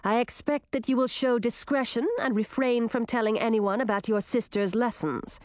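A woman's voice: on the high side, steady tone, darkish tone, dry recording, clean studio sound, pitched above the performer's own voice, close to an everyday voice. A woman voicing a composed queen who firmly scolds her two daughters. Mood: stern. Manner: firm, measured.

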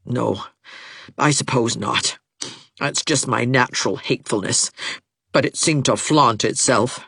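A woman's voice: extremely low pitch, gravelly, fairly bright tone, breathy edge, no echo, studio quality, heavily acted. Woman voicing a bitter, lonely young woman. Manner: bitter, self-pitying, halting. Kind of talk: audiobook character voice.

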